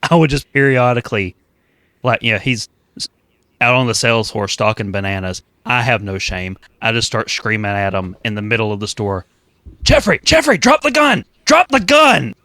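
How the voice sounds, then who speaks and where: Young male co-host with a low voice, deadpan storyteller, dry close sound. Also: moderate pace, clear, resonant tone, no room sound. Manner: deadpan storyteller who breaks into shouts and laughter. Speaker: podcast co-host. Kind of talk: casual chat, storytelling.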